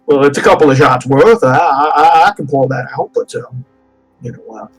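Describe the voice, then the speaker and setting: A man's voice: medium pitch, moderate pace, slightly rough, faint music behind, close to an everyday voice, rough recording. A man voicing a nervous male bartender who stammers and fawns over customers. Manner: stammering, fawning.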